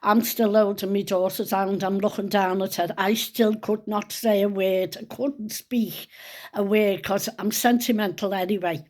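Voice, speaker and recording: An older woman tells a personal family story, close to tears and dropping into hushed whispers. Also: medium pitch, level tone, moderate pace, few pauses. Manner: hushed and tearful at times, drops to whispers. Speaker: grandmother telling a personal story. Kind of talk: emotional spoken storytelling.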